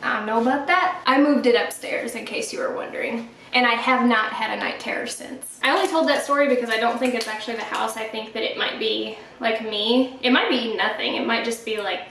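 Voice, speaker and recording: A woman's voice: a little high, a little fast, gravelly, few pauses, a little hiss or hum. A young woman vlogging casually from her home art studio, rambling and chatty with lots of fillers. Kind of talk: casual storytelling vlog. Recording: roomy, from a distance, music under. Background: soft background music.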